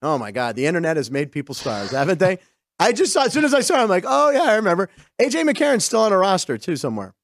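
Chatty excitable sports host, dry close sound. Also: male voice, high-pitched, fast, no echo. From western Pennsylvania. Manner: chatty, digressive, excited storytelling. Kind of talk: casual sports chat over game clips.

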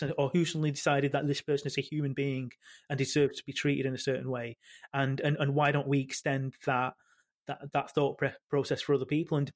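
A man, a football podcast panelist talking in a halting way full of restarts. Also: mid-range voice. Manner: halting, many restarts and fillers. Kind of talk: casual football chat.

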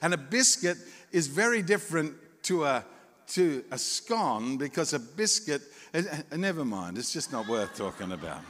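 Male pastor, lively sermon storyteller, fairly high voice, big church reverb. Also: moderate pace. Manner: animated storytelling, acting out voices, chuckling asides. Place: church hall.

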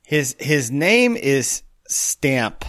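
A man co-hosting a podcast, chatting casually, laughing often and tossing in quick asides. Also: medium pitch, very animated, fairly bright tone. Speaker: podcast co-host. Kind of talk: casual chat.

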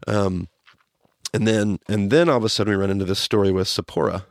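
Gravelly-voiced man teaching casually. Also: on the low side, a little fast, no echo, clean studio sound. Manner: animated, acts out quotes as he teaches. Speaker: podcast host and Bible teacher.

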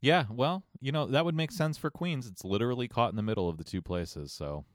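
A man from Ohio co-hosting a podcast, chatting casually with mock-grumpy deadpan complaints. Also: medium pitch, brisk, no room sound, studio quality. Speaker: podcast co-host. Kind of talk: casual chat.

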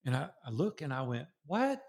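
An older man with a Southern US accent appears as a podcast guest in a casual storytelling interview. His mid-range, gravelly voice moves at normal speed as he earnestly shares personal stories, repeating phrases for emphasis.

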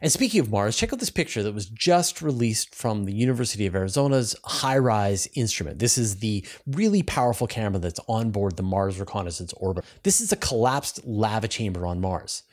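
A man's voice: fairly low pitch, big pitch swings, brisk, few pauses, darkish tone. A Canadian man with a Canadian accent hosting space news, explaining things eagerly and talking straight to his viewers. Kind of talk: casual news commentary.

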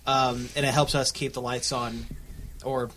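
A man's voice: medium pitch, little pitch movement, measured pace, sharp tone, slight background noise. A man co-hosting a casual podcast, laughing often and restarting his sentences. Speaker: podcast co-host.

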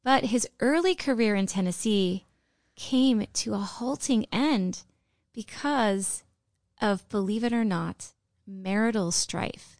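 A woman's voice: mid-range voice, slow pace, darkish tone, no room sound, clean studio sound. A middle-aged woman co-hosting a podcast, chatting and telling a history story. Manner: chatty, laughing, breaks into sung lines. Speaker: podcast co-host.

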